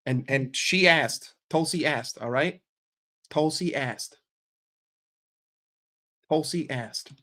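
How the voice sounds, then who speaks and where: A man's voice: fairly high pitch, slow pace, pauses often, pushed and bright. Brash, profane New man. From New York. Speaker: football vlogger. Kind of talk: casual rant to camera.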